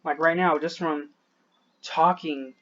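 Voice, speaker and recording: A man with a fairly high voice rants into a dull, lo-fi recording. He sounds short of breath and worn down, rambling, breaking off mid-thought and cursing often. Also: steady tone, takes it slowly, fairly bright tone. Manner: frustrated, rambling, swears a lot, trails off. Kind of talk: venting to camera.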